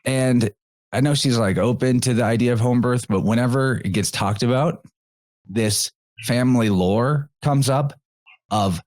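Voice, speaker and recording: A man's voice: fairly low pitch, moderate pace, darkish tone, no echo. Man, podcast host, casual rambling talk, dry close recording. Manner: loose and rambling, laughs between phrases. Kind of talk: casual conversation.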